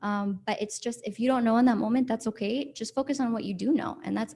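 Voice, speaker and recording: A woman counselor speaking calmly and practically to a church group, answering questions. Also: fairly high pitch, fast talker. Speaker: counselor giving a church talk. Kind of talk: talk with audience questions. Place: church hall.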